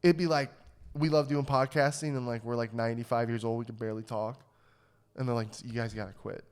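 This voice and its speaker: Brief: young male podcast co-host, resonant clear voice, profane and fired up. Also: medium pitch, level tone, a little fast, a little mellow. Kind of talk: casual chat.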